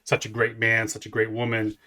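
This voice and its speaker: A man's voice: on the low side, completely flat delivery, fairly quick, bright, forceful tone. A man in his forties hosting a music reaction, rambling casually with lots of swearing and restarts. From Canada. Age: 40s. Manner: rambling, profane, many restarts.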